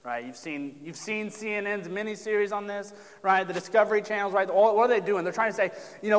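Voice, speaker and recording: A man's voice: sits high, lively intonation, moderate pace, big-room sound. A pastor preaching a sermon, addressing his congregation directly and building emphasis as he reads from Scripture.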